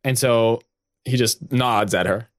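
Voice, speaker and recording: A man narrates a tabletop role-play in an ordinary mid-range voice. He moves quickly and breaks into laughs, and the recording is dry and close. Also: medium pitch, dry recording. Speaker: game master.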